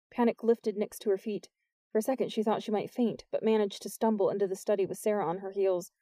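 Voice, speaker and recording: A woman reading a novel aloud as an audiobook narrator, with steady scripted narration. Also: brisk, no echo. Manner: lifts her pitch for the characters' lines.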